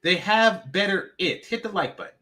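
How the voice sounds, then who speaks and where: A man's voice: sits high, expressive, moderate pace, sharp tone. A man hosting a reaction commentary, emphatic and mocking, often repeating himself. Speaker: commentary channel host.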